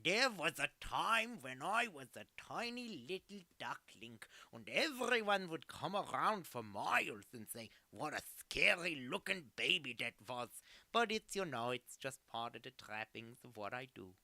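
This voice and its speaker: A man's voice: fairly high pitch, very animated, unhurried, pushed and bright, no echo, voice pushed up, exaggerated voice. A man voicing a pompous old male duck professor with a fake German accent, rambling and boastful.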